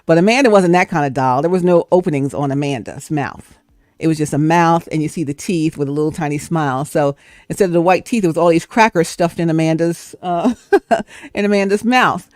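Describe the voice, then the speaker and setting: A woman hosting a livestream, telling a story in a chatty, animated way. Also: sits low, fairly quick, no room sound, clean studio sound. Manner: chatty and animated, breaks into laughter. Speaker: livestream host. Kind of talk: casual storytelling.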